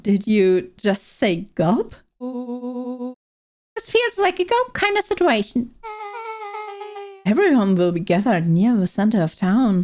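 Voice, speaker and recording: A woman's voice: medium pitch, darkish tone. A woman voicing jittery young kids, reading game dialogue aloud in a playthrough, with music underneath.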